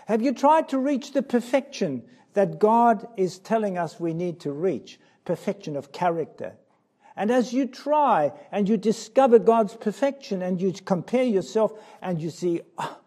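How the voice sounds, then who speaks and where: A man preaching a sermon, impassioned and full of questions for his listeners, swinging from loud cries down to low, quiet asides. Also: lively intonation, normal speed.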